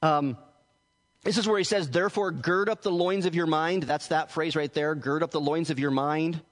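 A man with a higher-pitched voice delivers a teaching sermon as a pastor. He explains earnestly, often breaking off and restarting words. His voice carries a long reverb, as if recorded in a church hall. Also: moderate pace.

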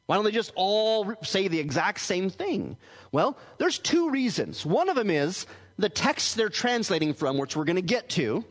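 A man with a higher-pitched voice delivers a teaching sermon as a pastor. He explains earnestly, often breaking off and restarting words. His voice carries a long reverb, as if recorded in a church hall. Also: very animated, normal speed.

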